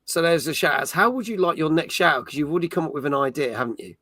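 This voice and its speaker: A man's voice: on the high side, expressive, fast talker, pushed and bright, no echo. A man hosting a casual gaming livestream, chatting upbeat and reading out viewers' comments. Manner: chatty, upbeat, reads viewer chat aloud. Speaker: stream host.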